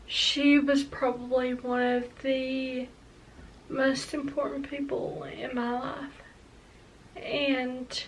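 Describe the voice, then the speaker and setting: Slow, halting young woman vlogger. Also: sits high, recorded from a distance, a little hiss or hum, rough recording. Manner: halting, hesitant, emotional. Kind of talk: personal confessional vlog.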